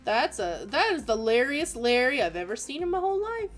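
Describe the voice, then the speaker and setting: A woman's voice: high-pitched, very animated, brisk, faint music behind. A young woman hosting an art livestream, chatting casually and giggling as she reads viewer messages aloud. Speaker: art streamer reading viewer submissions.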